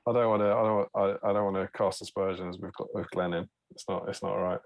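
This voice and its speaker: A man's voice: low voice, steady tone, fairly quick. A man co-hosting a live stream, bantering and joking in a dry way. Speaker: co-host. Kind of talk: casual live-stream chat.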